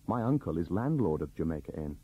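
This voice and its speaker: A man's voice: deep voice, very animated, a little fast, husky, narrow, tinny audio, voice pushed down, exaggerated voice. A man voicing an earnest, persistent young woman traveller in an audiobook reading.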